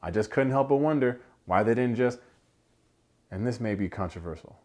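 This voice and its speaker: A man hosting a casual film review, animated, slangy and joking as he rants. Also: mid-range voice, moderate pace. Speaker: movie reviewer, channel host.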